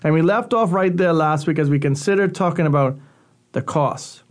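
A man with a slightly high voice gives a radio talk as a youth pastor. He teaches earnestly but conversationally, like he is talking with the listeners rather than at them. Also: normal speed.

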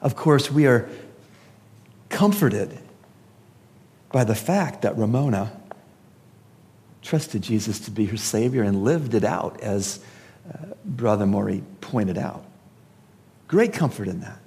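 Slow, lively-pitched preacher man in a hall. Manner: emphatic preaching with rhetorical questions. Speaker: pastor. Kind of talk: funeral sermon. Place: church service. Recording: long reverb of a large hall.

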